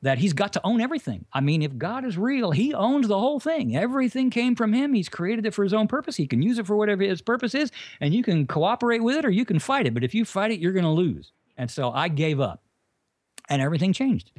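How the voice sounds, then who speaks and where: A man giving a personal faith testimony in conversation, telling it as an animated story and asking himself emphatic questions. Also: high-pitched, fast talker, no room sound, clean studio sound.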